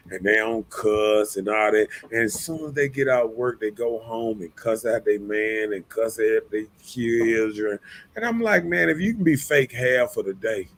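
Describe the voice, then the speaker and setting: A man's voice: medium pitch, fairly bright tone. A man hosting a casual talk stream, rambling with lots of repeated words and fillers. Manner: rambling, repeats words, often says "you know what I'm saying". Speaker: host. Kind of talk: casual livestream chat.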